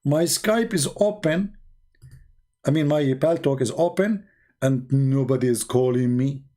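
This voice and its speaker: A man's voice: medium pitch, measured pace, mellow. A middle-aged man giving a sarcastic, theatrical live-stream monologue in broken English, mocking as an online religious debater.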